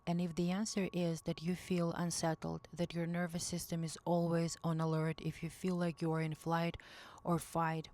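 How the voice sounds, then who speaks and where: A woman's voice: fairly low pitch, completely flat delivery, normal speed, a little mellow. A woman giving intuitive spiritual advice in a casual monologue, speaking earnestly, often searching for words and rephrasing herself. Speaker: intuitive message reader.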